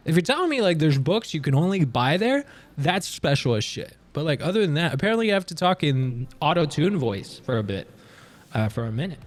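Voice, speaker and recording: A young man from Canada riffs casually with his livestream chat, joking and jumping up in pitch when something surprises him. His voice sits a little higher than most men's. Faint music plays quietly behind him. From Canada, near Montreal. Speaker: livestream streamer.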